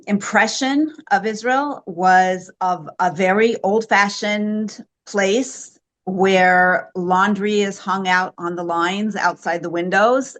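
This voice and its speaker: Casting note: older American woman, lower voice, reflective guest who laughs often. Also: fairly bright tone. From United States. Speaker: guest, host's mother. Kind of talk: casual conversational interview.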